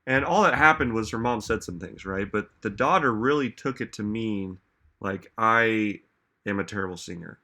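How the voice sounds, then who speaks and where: A self-help speaker gives a casual motivational talk to an audience in a fairly low, animated voice that sounds pushed and bright, at a normal speed. He's chatty and conversational, sprinkling in "like" and "right?" and driving his points home with questions.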